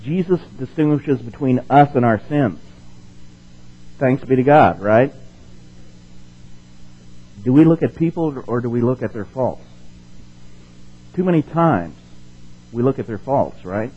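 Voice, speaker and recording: A man's voice: mid-range voice, expressive, measured pace, pauses often, husky, dull audio. A man preaching a sermon as pastor, reading scripture aloud with rising force and putting questions to his congregation.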